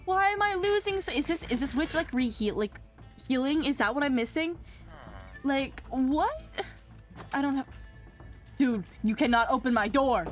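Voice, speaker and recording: With faint music behind her, a young woman hosting a Minecraft let's play speaks animatedly at a moderate pace, pausing often. She's flustered and addresses the mobs directly, veering between exclamations and low mutters.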